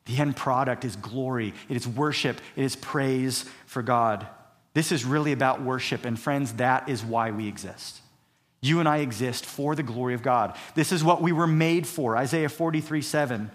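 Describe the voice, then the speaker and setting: A man's voice: mid-range voice, a bit bright. A male pastor preaching a sermon, emphatic and repetitive, reading scripture aloud between points. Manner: emphatic preaching, repeats key phrases, reads scripture aloud.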